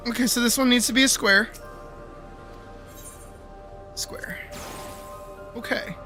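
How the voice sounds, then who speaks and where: A man's voice: extremely high pitch, steady tone, slow pace, pauses often, sharp tone, soft background music. A young man streaming a video game, ranting in exasperation, swearing, and breaking into screams and laughter. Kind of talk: live gameplay commentary.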